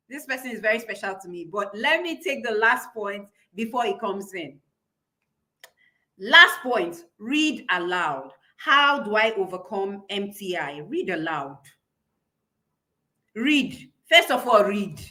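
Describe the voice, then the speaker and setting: A woman's voice: fairly high pitch, bright, forceful tone. Emphatic woman public speaking coach. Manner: emphatic, repeats key phrases, laughs between points. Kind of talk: live-streamed class.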